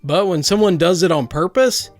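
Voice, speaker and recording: Man, high voice, story narrator, steady wry reading, faint background music. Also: moderate pace.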